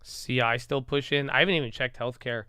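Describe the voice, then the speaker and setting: A man's voice: mid-range voice, steady tone, brisk, sharp tone, smooth, dry recording, clean studio sound. A man streaming casual live market commentary, rambling and mumbling in a slangy way. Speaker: stock-trading streamer.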